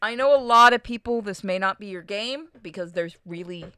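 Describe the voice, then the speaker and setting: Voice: mid-range voice, fairly quick, sharp tone, clean tone, no echo. A gaming channel host with a New York accent, casually chatting and reading a visual novel aloud, swearing freely.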